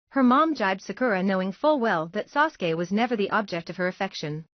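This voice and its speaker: Woman, story narration, steady read, dry sound, muffled quality. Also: medium pitch, fairly quick, hardly any pauses, no room sound. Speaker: fan-fiction narrator. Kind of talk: audiobook-style story narration.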